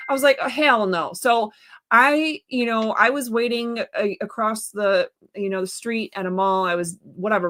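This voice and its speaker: A woman with a slightly higher voice tells a long story in casual interview chat. She gets animated and exasperated, slipping into the voices of the people she quotes. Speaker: guest, stand-by counsel. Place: live stream, remote.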